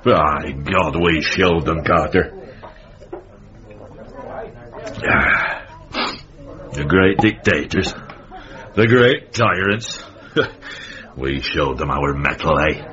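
A man's voice: rumbling low, lively intonation, slow pace, pauses often, pushed and bright, heavily acted. An actor playing a grumpy older northern man in a radio comedy, with a Northern English accent, dry and boozy. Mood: smug. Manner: dry, boozy, mock-grand oratory. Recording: dull lo-fi radio broadcast.

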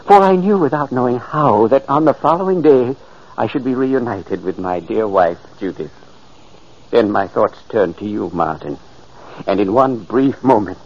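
A man's voice: medium pitch, darkish tone. An actor playing the earnest, pleading spirit of a dead older man in a 1940s radio drama. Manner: solemn, urgent narration. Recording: muffled old radio recording.

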